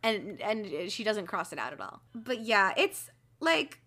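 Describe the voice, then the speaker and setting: A young woman co-hosting a casual book chat, giggly, animated and fond of swearing. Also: medium pitch, unhurried. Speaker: podcast co-host.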